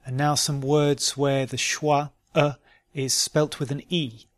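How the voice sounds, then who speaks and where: A man teaching pronunciation, reading word lists slowly and clearly for learners to repeat. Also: on the high side, little pitch movement, no room sound, studio quality. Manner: slow, deliberate, isolated words for repetition. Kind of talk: slow word-list drill.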